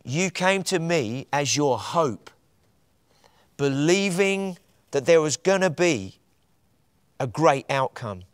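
A man voicing a gentle male teacher who speaks softly and reassuringly to a follower. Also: fairly high pitch, lively intonation, slow pace, pauses often, clean tone, no room sound.

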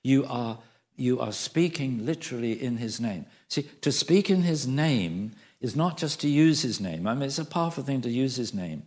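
A man's voice: mid-range voice, expressive, normal speed, a little mellow. A man preaching a sermon, emphatic, repeating phrases for stress and asking the congregation questions.

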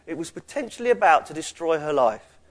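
A man leads his congregation through a sermon in a slightly raised pitch. He talks conversationally, as if chatting with the room, then lifts his voice to press a point home. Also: big pitch swings, a little fast. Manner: conversational preaching, rises in emphasis. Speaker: pastor.

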